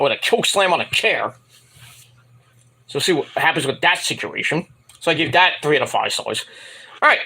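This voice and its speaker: A man giving a rambling solo review of wrestling shows, acting out the wrestlers' lines in high mocking voices. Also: pushed and bright. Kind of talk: casual solo review monologue.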